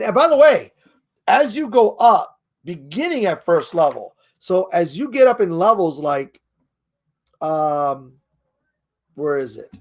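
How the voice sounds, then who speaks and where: Sex: man. Role: tutorial host. Style: casual game-rules explainer. Pitch: high for a man. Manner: rambling, chuckling. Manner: rambling, chuckles often, trails off while searching.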